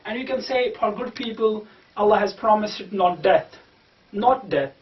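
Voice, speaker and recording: A man teaching how to pronounce verse, spelling words out slowly sound by sound and repeating them. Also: high-pitched. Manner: slow, repetitive sound-by-sound spelling out. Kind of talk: explaining Persian verse pronunciation. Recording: distant, echoey, dull room recording.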